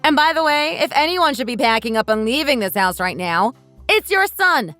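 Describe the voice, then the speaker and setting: A woman's voice: high voice, sing-song, moderate pace, no room sound, faint music behind, full character voice. A woman voicing a sarcastic young wife who talks back bluntly to her mother-in-law in a texting-story drama. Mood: defiant. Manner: sharp, mocking, blunt.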